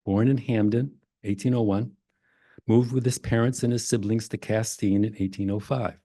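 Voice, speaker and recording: An older man from Maine presents family history to a library audience. His voice is low and mellow, picked up dry and close. He reads old records aloud in a relaxed, self-deprecating way. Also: normal speed, dry recording. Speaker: genealogy presenter. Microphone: presenter mic in a library meeting room.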